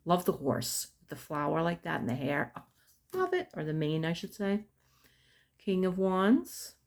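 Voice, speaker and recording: A woman in middle age talks her way unhurriedly through a tarot deck, dropping to soft murmurs as she names each card. Her voice sits a little low, and she lingers over each picture with quiet admiration. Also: big pitch swings, a little slow. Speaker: tarot unboxing vlogger. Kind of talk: casual unboxing chat.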